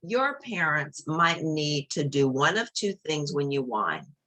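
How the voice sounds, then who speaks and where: Woman, children's book reader, low pitch, lively melodic delivery, gentle explanations. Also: a little slow. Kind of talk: reading a picture book aloud with comments.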